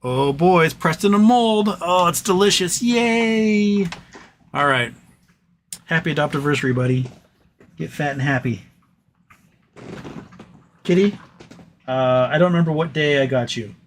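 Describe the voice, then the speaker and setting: A man's voice: on the high side, expressive, unhurried, long pauses, a little hiss or hum. A man hosting a casual livestream, reading viewer comments aloud in a rambling, playful way and chatting to his dog. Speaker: livestream host.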